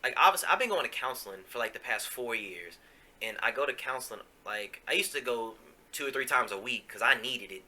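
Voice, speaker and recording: Bright-voiced man telling a raw story. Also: medium pitch, lively intonation, fairly quick. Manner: casual, profane, confessional, many fillers. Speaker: podcast host. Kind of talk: candid personal storytelling.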